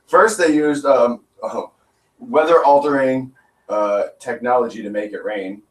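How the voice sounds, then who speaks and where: Male co-host for net radio, joking banter, echoey room, set back from the mic. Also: medium pitch. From New England. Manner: joking, lots of fillers and quick put-on voices. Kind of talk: casual banter on internet radio. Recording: roomy and distant from mic.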